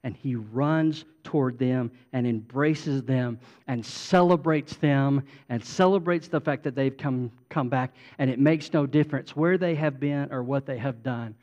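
Guy preaching slow and deliberate, loud bursts then soft hushed bits, kinda dull lo-fi sound. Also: medium pitch. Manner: swings from emphatic to hushed, intimate prayer tone. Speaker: pastor. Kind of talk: sermon.

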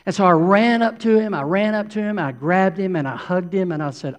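A man's voice: high-pitched, a little fast, hardly any pauses. A middle-aged man preaching a sermon, repeating phrases for emphasis as a pastor. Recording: long hall reverb.

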